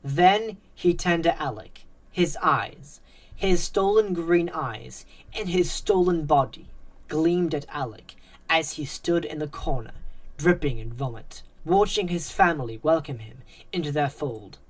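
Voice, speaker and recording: A woman with a notably low voice reads a scripted horror story. Her delivery is measured and suspenseful. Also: lively intonation. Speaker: narrator.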